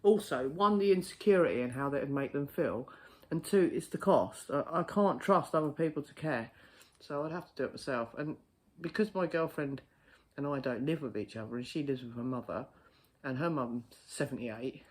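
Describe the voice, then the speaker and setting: Man vlogging, casual chat, blunt and sweary, animated storyteller, mid pitch. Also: normal speed. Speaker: postal worker vlogger.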